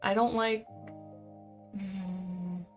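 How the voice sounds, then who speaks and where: A young woman in her twenties, a live-streamer, chatting casually and reading out viewer comments in an animated way. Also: mid-range voice, very slow, soft background music. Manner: chatty and animated, heavy use of "like".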